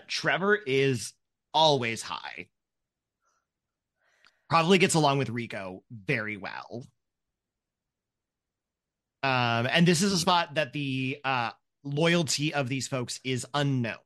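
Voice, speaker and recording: A man running a tabletop role-playing game, narrating scenes with lots of ums and likes. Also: mid-range voice. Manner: relaxed, filler-heavy narration. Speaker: game master.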